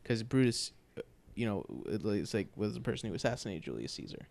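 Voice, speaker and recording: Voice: medium pitch, sing-song, fast, gravelly, a little mellow. A podcast co-host in casual chat, talking in a loose, rambling way, blunt and swearing freely.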